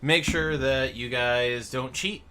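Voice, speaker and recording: Faint music plays behind a man of medium pitch who speaks slowly in a bright, forceful tone. Wearing a headset, he hosts a trivia night livestream with laid-back chatter, grand announcer-style introductions, and meandering asides.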